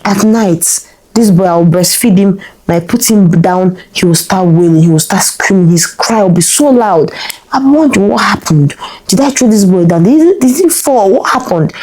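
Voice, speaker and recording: Woman vlogger, low mellow voice, lively exclamatory storyteller asking herself questions as she goes. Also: normal speed, low-quality recording. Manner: animated, exclamatory retelling with rhetorical questions. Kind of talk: personal storytelling to camera.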